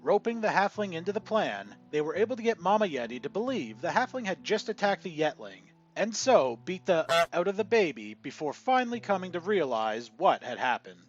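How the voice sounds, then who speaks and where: Animated male storyteller, lo-fi. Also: fairly high pitch. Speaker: channel narrator. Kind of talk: scripted narration of a tabletop gaming story. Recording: dull lo-fi audio with faint music.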